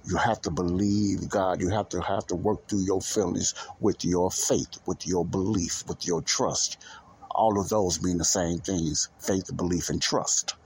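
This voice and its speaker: Low, husky man preaching casually. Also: steady tone, measured pace, darkish tone. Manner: rambling, repeats himself, loses his thread. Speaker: podcast host.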